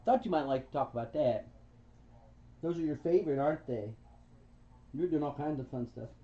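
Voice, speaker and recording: Mellow-voiced woman doting on her pet bird. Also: low-pitched, normal speed. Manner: doting, coos pet names and laughs softly. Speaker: pet bird owner on a livestream. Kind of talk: casual chat with a pet. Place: indoors at home. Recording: dull lo-fi home livestream audio.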